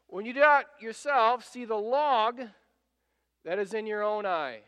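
A man's voice: extremely high pitch, lively intonation, normal speed, pushed and bright, clean tone, lo-fi sound. A male pastor preaching a sermon in a casual, conversational way, often acting out the people in his story. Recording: long reverb of a large hall.

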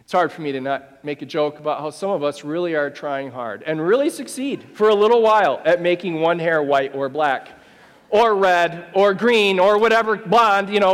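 Brief: male pastor with a high voice, emphatic and conversational sermon delivery, long hall reverb. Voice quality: emphatic and conversational, with wry asides.

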